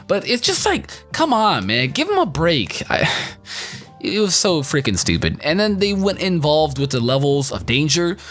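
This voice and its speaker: A man giving a casual spoken anime review in an excitable, slangy, rambling way. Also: fairly high pitch, moderate pace, soft background music.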